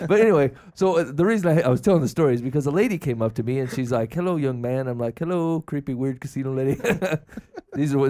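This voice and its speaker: A man's voice: medium pitch, darkish tone. A young man co-hosting a casual chat, telling a self-deprecating story with jokes. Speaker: podcast co-host.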